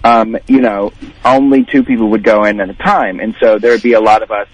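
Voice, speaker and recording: A man talking in a casual podcast chat as co-host of a paranormal TV show, self-deprecating and quick to wave off praise. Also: lowish voice, fairly even intonation, breathy edge, no room sound, lo-fi sound, faint music behind.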